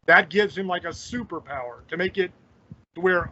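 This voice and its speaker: Blunt, profane high-voiced man. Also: moderate pace, bright, forceful tone, a little hiss or hum. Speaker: podcast host. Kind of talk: casual chat. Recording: dull lo-fi audio.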